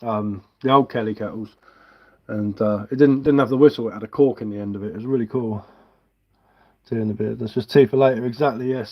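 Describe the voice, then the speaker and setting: A man's voice: mid-range voice, a little fast, dull audio. A man, hosting a live stream and chatting casually as he works, rambling and poking fun at himself. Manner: relaxed, rambling, self-mocking. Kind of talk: casual chat while carving. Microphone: headphones with mic.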